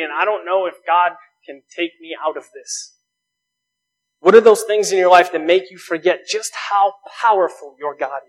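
A man's voice: high voice, low-quality recording. A man preaching a sermon, earnest, building emphasis through rhetorical questions. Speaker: pastor.

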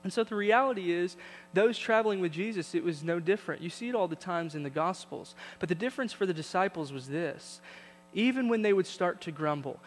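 A man's voice: a little high, long reverb tail, slight background noise. A young adult male pastor preaching a sermon, telling a family story with acted-out voices and building to emphatic points.

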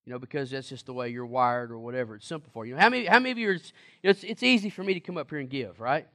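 A man's voice: medium pitch, rapid-fire, a bit bright. A man preaching a sermon in a conversational, emphatic way and asking the congregation questions.

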